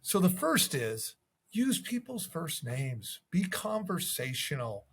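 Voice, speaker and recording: A man's voice: fairly high pitch, very animated, takes it slowly, fairly bright tone, husky. A man coaching real estate agents in a casual, conversational way, acting out sample voicemails. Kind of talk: casual video tips to camera.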